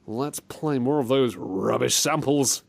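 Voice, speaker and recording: A man's voice: mid-range voice, measured pace, creaky. A man co-hosting a comedy gaming podcast, joking around and reacting to clips. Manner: jokey, lively, breaks into silly voices. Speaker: podcast co-host. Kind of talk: comedic game-review chat.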